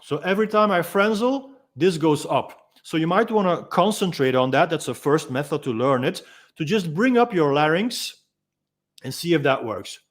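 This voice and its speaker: Speaking in a slightly high-pitched voice, a Dutch-native man demonstrates a freediving technique as an instructor. He takes his time, keeps a gentle tone, and fills frequent pauses with little ums.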